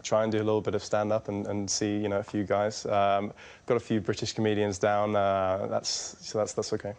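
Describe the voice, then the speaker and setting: A man's voice: lowish voice, monotone, darkish tone. A young adult man being interviewed as an impressionist, chatty and rambling in a casual way. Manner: chatty, rambling, quick to laugh. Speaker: impressionist guest.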